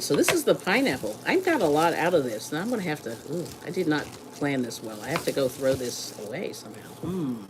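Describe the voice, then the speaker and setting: Low-voiced chatty woman cooking live. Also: noisy background. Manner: chatty, rambling, laughs often, greets viewers. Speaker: live-stream host. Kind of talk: casual chat while cooking. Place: home kitchen.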